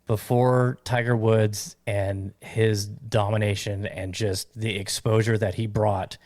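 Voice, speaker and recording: A man hosting a casual golf podcast, animated and fond of teasing his guests with hot takes. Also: lowish voice, takes it slowly, no room sound, studio quality. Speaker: podcast host. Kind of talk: casual chat.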